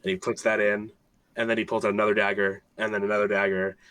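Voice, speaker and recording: A man playing in a tabletop game, describing what his character does in a loose, amused, rambling way. His voice sits fairly low but has a forceful, bright edge. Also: little pitch movement, fast talker, smooth, no room sound. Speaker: player.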